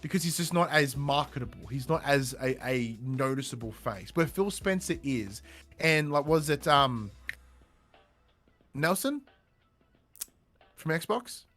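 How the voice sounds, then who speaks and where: A man hosting a podcast in casual chat, animated and emphatic, swearing offhand. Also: fairly high pitch, measured pace, pauses often, soft background music. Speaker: podcast host.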